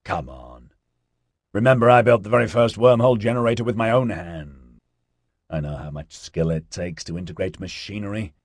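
A man's voice: fairly low pitch, lively intonation, moderate pace, slightly rough, no room sound, clean studio sound. A man voicing an easygoing, slang-talking young man in an audiobook. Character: laid-back cheerful young man, tech enthusiast.

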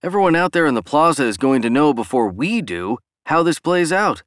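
A man's voice: on the high side, very animated, fairly quick, a bit bright, no room sound, clean studio sound, voice pushed up. A man doing a curious eager explorer. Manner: eager, questioning.

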